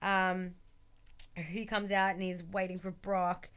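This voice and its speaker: Bright chatty woman podcaster. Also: fairly low pitch, level tone, slow, clean tone. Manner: chatty, recounts with acted-out quotes and fillers. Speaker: podcast co-host. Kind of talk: casual recap chat.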